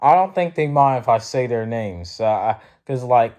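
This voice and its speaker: Sleepy philly guy, slow and mellow, rambling with lots of likes. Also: mid-range voice, lively intonation. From Philadelphia, USA. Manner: rambling, many fillers, blunt and profane when heated. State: sleepy, yawning. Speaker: student vlogger. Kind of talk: casual storytelling.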